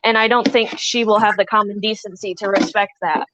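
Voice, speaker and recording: A woman's voice: mid-range voice, fairly even intonation, brisk, a bit bright, dry recording. A woman guest joining a livestream by remote call, talking hurt and defensive. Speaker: stream guest. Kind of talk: emotional livestream talk. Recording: slightly dull remote call audio.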